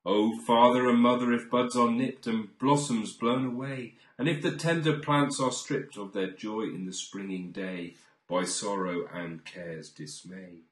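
A man reading classic poems aloud in a slow, dramatic recitation, swelling on key lines and falling to near-whispers. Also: lowish voice, a bit bright, echoey room. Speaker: poetry reader.

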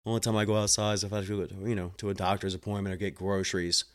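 Man voicing a woman patient, sixties, withdrawn, flat reluctant replies. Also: fairly low pitch, racing, voice pushed down, lightly acted.

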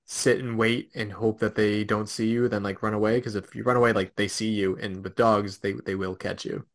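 A man's voice: fairly low pitch, flat delivery, moderate pace. A man hosting a casual podcast chat, with easygoing, brief reactions. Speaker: podcast host.

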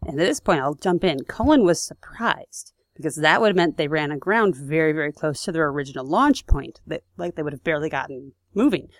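A woman's voice: deep voice, expressive, a little fast, few pauses, no echo, studio quality. Chatty woman telling history. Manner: chatty, with fillers and asides. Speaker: podcast co-host. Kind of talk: casual history storytelling.

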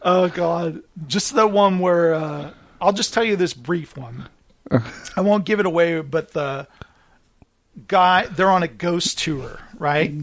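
A man chatting casually as a podcast host, animated, laughing often and acting out quotes. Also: fairly high pitch, slow. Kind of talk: casual chat.

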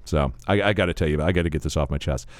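A man's voice: a bass voice, rapid-fire, no room sound. A middle-aged man telling a story in casual chat. He laughs often as he talks.

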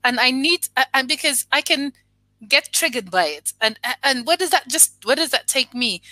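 A woman appearing as a guest, her voice bright and a bit high. She speaks reflectively, often stopping to restart a thought. The sound is dry and close, with no room around it. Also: expressive, moderate pace, dry recording. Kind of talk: casual conversation.

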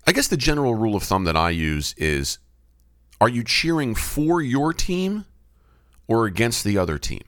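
With a medium-pitched voice, this middle-aged podcast host, who is also a baseball umpire, muses through a solo reflective talk. He keeps posing questions to himself and restarting his thoughts. It's captured dry on a close studio mic, without any room sound.

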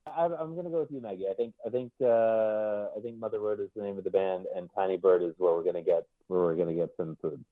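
A man's voice: fairly low pitch, fast, few pauses, no echo. A man talking as a guest musician in a casual chat. He speaks hesitantly and repeats himself. His voice comes through a dry, tinny, phone-like line.

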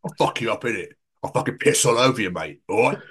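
A man's voice: mid-range voice, animated, fast, a bit bright, breathy edge, voice pushed down. A man voicing a thuggish male British bulldog with an English accent, swaggering and sweary. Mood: aggressive.

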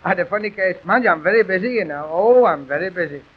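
A man playing a weary, rambling police constable, telling deadpan comic stories on a dull old gramophone recording. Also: sits high, fast talker, slightly rough. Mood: weary grumbling. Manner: chatty, rambling, self-pitying with deadpan gags. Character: weary, grumbling male police constable on the beat. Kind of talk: music-hall comic monologue and patter.

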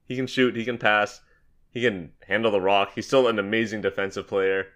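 A young man hosting a casual sports podcast, upbeat and joking, quick to laugh. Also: fairly low pitch, fairly even intonation, fairly bright tone. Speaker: podcast host. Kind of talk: casual basketball podcast chat.

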